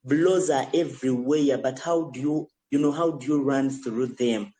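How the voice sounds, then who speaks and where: A woman's voice: very deep voice, moderate pace, mellow. A middle-aged woman speaking as a podcast guest in casual conversation, emphatic and often repeating herself. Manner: emphatic and repetitive, stumbling restarts.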